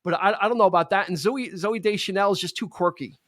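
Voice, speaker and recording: A male podcast host chats casually in a notably high, fairly bright voice, speaking fast in a laid-back, chuckling way. The recording is close and dry.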